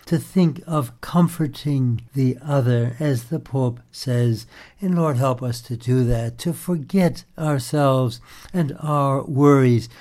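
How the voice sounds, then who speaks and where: A man preaching a sermon in a measured, prayerful way, quoting scripture and a papal address. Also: medium pitch, warm tone.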